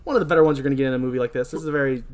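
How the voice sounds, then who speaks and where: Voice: medium pitch, rapid-fire, darkish tone. A podcast host casually recapping a horror movie, chatty and full of fillers. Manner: chatty, filler-heavy, laughing.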